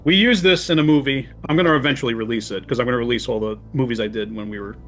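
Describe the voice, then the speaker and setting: A man in his forties, a podcast guest and horror filmmaker, chatting casually and telling stories with animated laughter. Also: mid-range voice, rapid-fire, faint music behind.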